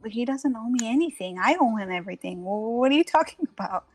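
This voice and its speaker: A woman's voice: fairly high pitch, expressive, fast, a little mellow, faint music behind, natural voice. A woman voicing a nervous, kind young woman who gets flustered.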